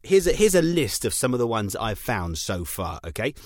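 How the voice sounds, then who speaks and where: British male co-host, eager explainer, lively pitch, dry sound. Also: normal speed, no echo. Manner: enthusiastic, explaining. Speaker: podcast co-host. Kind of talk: casual chat.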